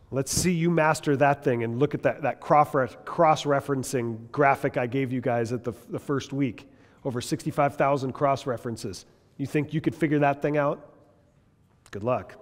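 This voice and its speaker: A man's voice: mid-range voice, normal speed. Emphatic man teaching a Bible class. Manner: emphatic, rhetorical questions, frequent restarts. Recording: long reverb in a hall.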